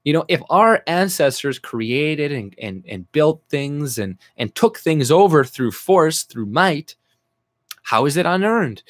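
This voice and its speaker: A man's voice: on the high side, sing-song, slow, dry recording, studio quality. Profane, sarcastic Canadian man ranting. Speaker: YouTuber. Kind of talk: angry reaction rant reading out an article.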